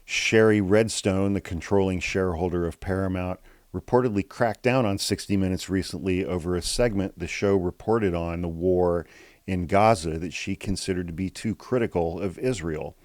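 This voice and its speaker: A man hosting a podcast of political commentary, swearing freely and reading quotes aloud in a flat, calm tone. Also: low voice, normal speed, dry recording, studio quality. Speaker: podcast host.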